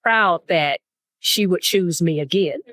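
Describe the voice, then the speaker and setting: A woman therapist in a casual podcast chat, measured and reflective. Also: on the low side, a bit bright, dry recording, studio quality. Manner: measured and reflective, with some restarts.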